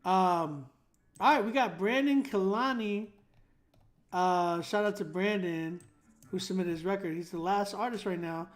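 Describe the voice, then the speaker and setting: High-voiced laid-back man critiquing songs. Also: measured pace. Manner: laid-back, many fillers, hums drum patterns to explain. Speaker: host reviewing submitted songs. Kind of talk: casual livestream music critique.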